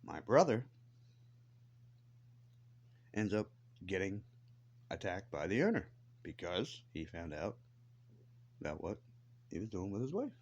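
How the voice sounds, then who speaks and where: Deep-voiced man on a cursing rant. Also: big pitch swings, a little slow, long pauses, dull audio. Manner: blunt, defiant, swears heavily. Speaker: vlogger. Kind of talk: angry profane rant to camera.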